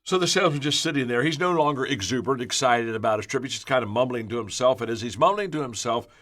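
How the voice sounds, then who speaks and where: An older man giving a motivational leadership talk, energetic and emphatic, telling stories and often repeating words as he gets going. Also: medium pitch, quick pace. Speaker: leadership speaker.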